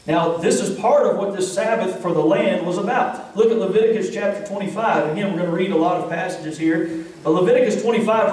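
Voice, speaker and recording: A man preaching a sermon with a Kentucky accent, telling stories to his congregation and reading scripture aloud in an animated way. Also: high voice. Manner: storytelling, animated, talks to the congregation. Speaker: pastor. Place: church sanctuary. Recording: echoey church hall recorded from a distance.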